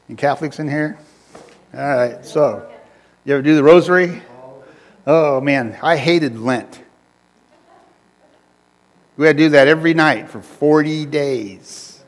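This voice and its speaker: A man's voice: on the high side, a bit bright. A male preacher giving a sermon in a conversational style, repeating phrases and joking with the congregation. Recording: long reverb of a hall.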